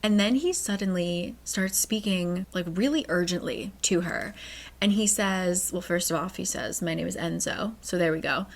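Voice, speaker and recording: A woman's voice: fairly low pitch, normal speed. A woman hosting a book channel, recapping a novel in a chatty, casual way with sarcastic asides.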